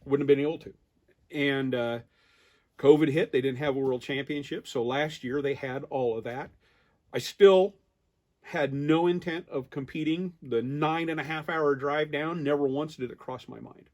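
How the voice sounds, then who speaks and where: Animated American man in his 50s telling a story. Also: on the high side, moderate pace. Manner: animated storyteller, acts out quoted exchanges with laughs. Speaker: duck calling champion guest. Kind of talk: casual storytelling interview.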